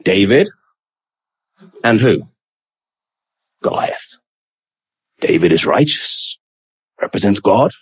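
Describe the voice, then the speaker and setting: A man's voice: on the low side, lively intonation, slow pace, long pauses, husky. A man preaching a sermon, emphatic and acting out quoted pleas with rising questions.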